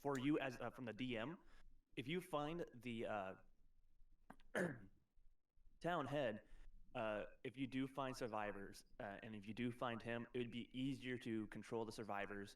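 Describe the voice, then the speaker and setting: Man running a tabletop game, halting. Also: mid-range voice. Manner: hesitant, lots of ums and restarts. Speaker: game master.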